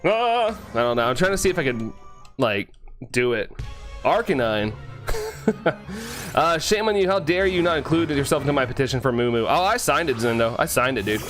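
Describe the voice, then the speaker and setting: Male streamer, mid-pitched, upbeat, quick and slurry at times, faint music behind. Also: animated. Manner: greets viewers and answers chat, upbeat; talks fast, sometimes slurs and trips over words. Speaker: live streamer. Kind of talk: casual live-stream chat.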